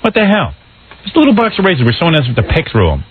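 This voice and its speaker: A male talk radio host riffs and grumbles his way through studio banter, mocking his crew as he goes. His voice jumps around with lively swings in pitch. The audio is narrow and phone-like. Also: fast, slight background noise. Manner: loud, animated, wisecracking, complains at length.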